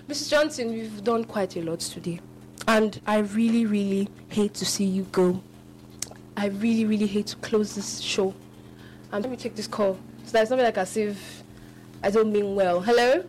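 A woman hosting a live radio call-in show, animated, often laughing and restarting her sentences. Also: medium pitch, a little hiss or hum.

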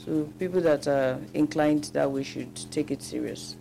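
A woman's voice: deep voice, steady tone, moderate pace, creaky, warm tone, slight background noise. A woman, a guest baker answering radio interview questions plainly and without hurry.

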